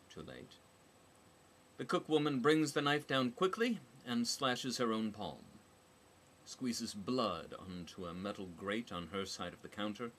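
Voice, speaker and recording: Male audiobook narrator, dry and wry, unhurried, faint hiss behind. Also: fairly low pitch, a bit bright.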